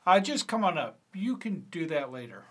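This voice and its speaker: Male reader voicing a patient teacher, mid-high voice. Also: big pitch swings, moderate pace, fairly bright tone, slightly rough, heavily acted. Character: adult male schoolteacher, patient. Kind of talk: screenplay reading.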